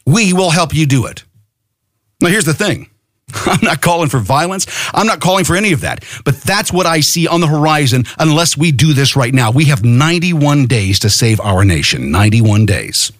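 Expressive and fairly high-pitched, this middle-aged man from the United States hosts a podcast at a moderate pace. He launches into a profane, impassioned political rant meant to spur his audience into action, captured in clean studio sound without echo.

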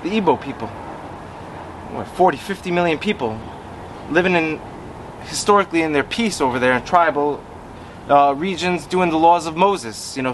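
High-voiced man. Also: slight background noise. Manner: animated, acts out quoted voices. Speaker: rabbi guest on a podcast. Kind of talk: casual storytelling conversation. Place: outdoors on a city stoop.

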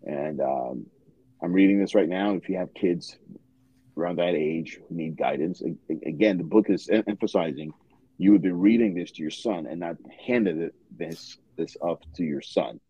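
A man hosting a podcast, recommending a book in a halting way with many pauses. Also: deep voice, animated, vocal fry, dark tone, husky, dry recording, muffled recording. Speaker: podcast host.

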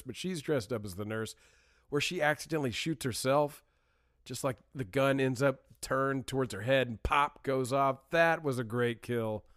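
A man co-hosting a podcast in casual chat, enthusiastic and quick to laugh. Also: medium pitch, no room sound, clean studio sound. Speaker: podcast co-host.

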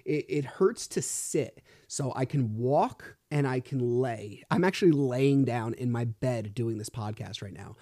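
A man talks through a solo podcast monologue, frustrated and swearing freely as he tells his story. His voice is mellow and relaxed in tone and sits at an ordinary pitch. The sound is dry and close, recorded while he lies in bed. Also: unhurried, hardly any pauses, dry recording. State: sore back. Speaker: podcast host. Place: lying in bed at home.

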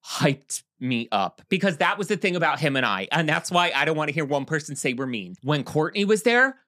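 Man, casual chat, animated, gossipy, bright forceful voice, dry close sound. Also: on the high side, dry recording. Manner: animated, gossipy, quick to jump in. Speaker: podcast co-host.

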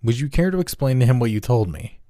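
A man's voice: medium pitch, animated, fast talker, dark tone, no echo, studio quality, pitched above the performer's own voice, close to an everyday voice. A man doing a demanding older chancellor. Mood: smug. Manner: commanding, demanding. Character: smug, demanding middle-aged male chancellor. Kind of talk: horror story reading.

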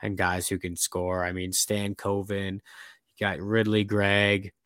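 A man's voice: sits low, completely flat delivery, a little slow, fairly bright tone, clean tone, no room sound, studio quality. A young man co-hosting a casual sports chat, rambling with lots of fillers and restarts.

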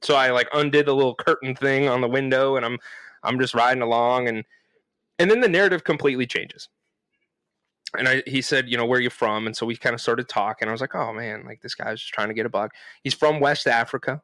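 A man's voice: mid-range voice, a little fast, dry recording. A man co-hosting a podcast, animatedly telling a story to friends in person, swearing freely and acting out what people said. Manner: animated, swearing, acts out quoted lines. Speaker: podcast co-host. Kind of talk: casual storytelling among friends. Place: room recorded in person with friends.

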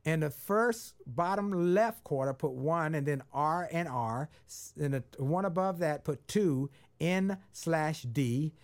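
A man's voice: fairly high pitch, animated, takes it slowly, hardly any pauses. Upbeat male talk host. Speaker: show host. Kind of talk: radio talk show hosting.

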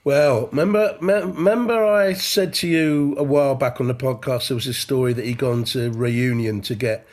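Man, podcast co-host, mid-pitched, steady informative football chat. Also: normal speed, hardly any pauses.

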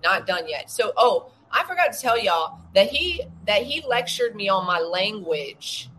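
A woman's voice: mid-range voice, sing-song, measured pace, a bit bright, slight background noise, low-quality recording. A woman, co-hosting a podcast and telling a story in an indignant, profane rant. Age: 40s. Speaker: podcast co-host. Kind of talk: casual storytelling chat.

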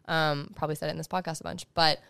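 A young woman, a law student guest on a podcast, talking fast and emphatically in casual conversation as she gives advice. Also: deep voice, level tone, fairly bright tone, clean tone, no room sound.

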